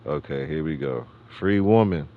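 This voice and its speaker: A man's voice: very deep voice, expressive, moderate pace, phone-quality sound. A middle-aged man from New York City hosting a gaming livestream, rambling in slangy casual chat and laughing often. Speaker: livestream host.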